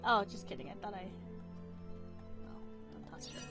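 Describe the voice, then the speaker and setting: A woman's voice: mid-range voice, steady tone, moderate pace, music in the background. A woman streamer chatting casually while playing a game, giggly, rambling and self-deprecating. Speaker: streamer and voice actor.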